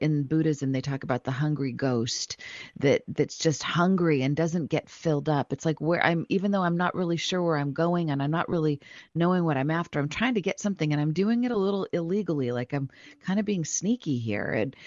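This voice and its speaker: Casting: low, dry-sounding woman host, reflective storyteller, slightly dull audio. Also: dry recording. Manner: reflective, storytelling, animated quoting. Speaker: podcast co-host interpreting dreams. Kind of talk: casual chat.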